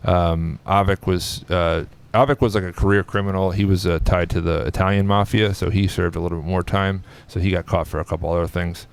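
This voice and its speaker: A man's voice: low-pitched, fairly even intonation, a little fast, vocal fry, few pauses. A man co-hosting a podcast, recounting a story in casual chat, rambling with fillers and small laughs. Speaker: podcast co-host.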